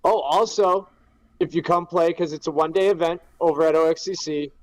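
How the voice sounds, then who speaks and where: A man's voice: fairly high pitch, fairly quick, low-quality recording. A man chatting casually on a panel, upbeat and promoting an event. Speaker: guest, event commander.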